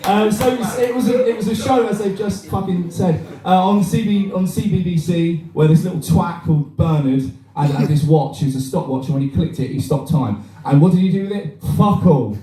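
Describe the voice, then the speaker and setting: A man performs a crude, rambling stand-up set live in a cafe bar, animated and swearing a lot. His high voice is fairly quick with hardly any pauses, and the mic is heard from far off in an echoey room.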